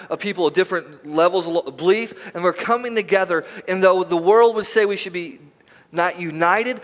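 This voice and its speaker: A young male pastor with a high, light voice preaching to his congregation. He talks in a casual, animated way and slips into voiced quotes. His voice rings with the long reverb of a church hall. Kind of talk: sermon. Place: church sanctuary.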